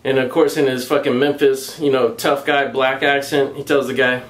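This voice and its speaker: A man giving a casual, profanity-laden movie review, recounting the plot in a crude, mocking, animated way and laughing along. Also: mid-range voice, moderate pace, few pauses.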